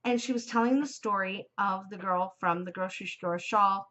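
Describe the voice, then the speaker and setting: A woman in her forties hosting a casual craft podcast, gushing and chatty and quick to laugh. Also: mid-range voice, sharp tone. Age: 40s. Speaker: podcast host. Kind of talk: casual chat.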